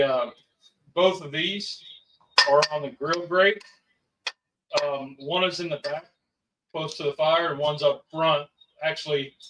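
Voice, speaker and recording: A man's voice: on the high side, pushed and bright. A middle-aged man hosting a casual livestream, rambling and chatty as he talks to viewers and family. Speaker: livestream host and home cook. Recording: dull, distant mic.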